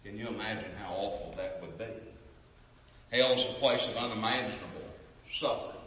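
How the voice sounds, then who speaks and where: Fiery preacher in an echoing hall. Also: male voice, moderate pace. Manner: swings between booming cries and hushed pleading; repetitive preaching cadence. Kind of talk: impassioned sermon. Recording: echoey hall from far off.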